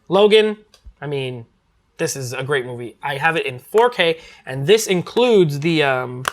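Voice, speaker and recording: A man's voice: high-pitched, a bit bright. A man reviewing movies in a casual, rambling chat, full of fillers and restarts.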